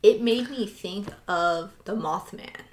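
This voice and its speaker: A woman's voice: mid-range voice, takes it slowly, a little hiss or hum. Woman podcaster rambling casually, lots of "like", roomy echo around her. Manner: chatty, lots of "like" fillers, animated retelling. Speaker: podcast co-host. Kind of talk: casual chat.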